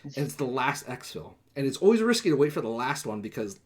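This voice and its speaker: A man's voice: mid-range voice, big pitch swings, fairly quick. Casual young man telling a game story. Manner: rambling storytelling with lots of swearing and fillers; acts out quoted lines in a livelier voice. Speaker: podcast host. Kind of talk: casual chat.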